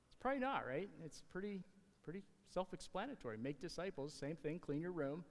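Pastor preaching casually in a reverberant hall. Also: male voice, fairly high pitch, animated. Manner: conversational, halting with restarts and fillers. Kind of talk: casual sermon. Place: church sanctuary.

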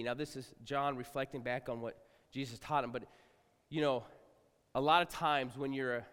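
A middle-aged male pastor preaching to a congregation, talking casually and swinging from quiet asides to loud outbursts. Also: medium pitch, clean tone. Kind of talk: sermon. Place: large church hall. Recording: live sermon with long hall reverb.

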